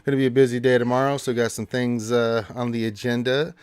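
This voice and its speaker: Man, livestream host, casual rambling chat, lowish smooth voice, dry close sound. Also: little pitch movement, quick pace, darkish tone, dry recording. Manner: loose, rambling, full of fillers. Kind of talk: casual stream chat and sign-off.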